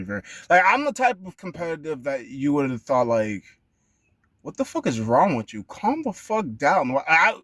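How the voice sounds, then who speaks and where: A man rambles through a casual monologue and swears freely. His voice sits at an everyday pitch and is recorded dry and close, with no room sound. Now and then he jumps into loud, high shouting. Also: dry recording.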